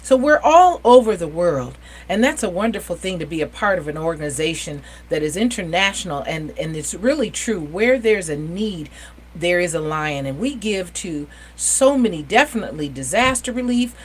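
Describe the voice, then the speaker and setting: A woman's voice: fairly low pitch, animated, slight background noise, poor audio. Chatty, upbeat woman host. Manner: chatty, enthusiastic, quick asides. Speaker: community TV show host. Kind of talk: casual interview chat.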